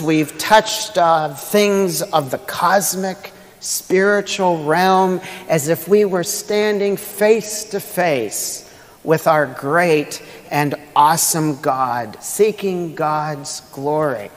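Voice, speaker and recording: A man's voice: high-pitched, slow. A male pastor preaching a sermon in a conversational, humorous way, asking the congregation rhetorical questions. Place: church sanctuary. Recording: long church hall reverb.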